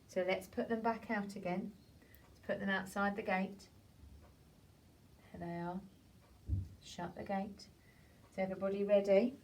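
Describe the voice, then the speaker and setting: A woman teacher, gently retelling a story to young children in a drawn-out, sing-song way. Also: mid-range voice, level tone. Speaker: primary school teacher. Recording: voice from a distance off the mic.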